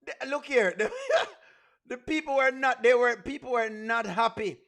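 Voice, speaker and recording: High-voiced Jamaican man laughing through commentary. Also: unhurried, gravelly, fairly bright tone. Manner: repetitive, keeps breaking into laughter. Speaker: reaction video host. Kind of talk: comedic reaction commentary.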